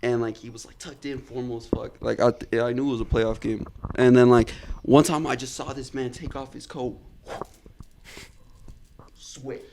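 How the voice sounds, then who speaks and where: A man's voice: medium pitch, steady tone, normal speed, creaky, darkish tone, a little hiss or hum. A young man co-hosting a podcast, telling stories in casual chat, swearing freely and laughing often. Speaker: podcast co-host.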